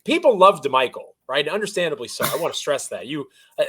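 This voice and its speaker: A man's voice: on the high side, sing-song, quick pace, a bit bright, breathy edge. A man co-hosting a sports podcast, chatty and self-deprecating as he runs through the show's intro and the news. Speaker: podcast co-host.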